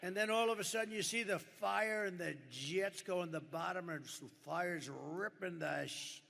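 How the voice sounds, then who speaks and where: A man's voice: sits high, moderate pace, vocal fry, pushed and bright. An older man giving a rambling rally speech from a podium microphone, full of superlatives and asides to the crowd. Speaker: political candidate at a campaign rally. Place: large packed rally venue. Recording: echoey arena sound with crowd noise.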